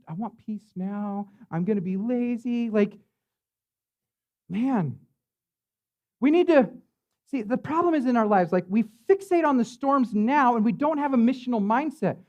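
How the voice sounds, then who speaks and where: A man's voice: extremely high pitch, animated, normal speed, long pauses, muffled recording. A man preaching as a pastor in a church, in a loose, conversational way, full of fillers and tag questions. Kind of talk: sermon.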